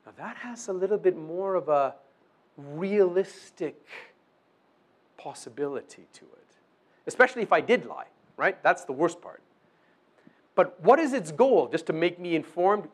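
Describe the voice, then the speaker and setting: A male preacher delivering a sermon in a loose, conversational way, often asking his listeners "okay?". His voice sits a little high and swoops up and down with lively intonation. He briefly acts out little exchanges to make his point. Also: unhurried. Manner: acts out short dialogues with the accuser. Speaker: pastor.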